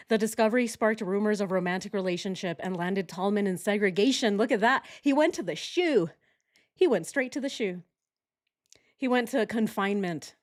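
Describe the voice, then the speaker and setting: A woman hosting a true-crime commentary channel who talks in a chatty, sarcastic way and often laughs. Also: medium pitch. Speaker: channel host.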